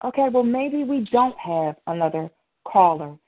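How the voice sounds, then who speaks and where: A woman's voice: on the high side, animated. Woman hosting a call-in radio show. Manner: formal, measured, trying to restore order. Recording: narrow phone-line sound.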